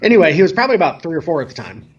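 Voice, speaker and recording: A man guest telling a casual story about himself in a relaxed, self-mocking way, over a remote call. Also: fairly high pitch, racing, highs cut off. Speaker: guest, dance DJ.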